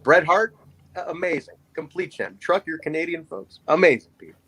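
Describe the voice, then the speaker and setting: Pitched on the high side and a little husky, this forty-something man's voice moves at a moderate pace on a low-quality recording. He co-hosts a podcast and, while chatting casually, tells a story with animated impressions of its characters.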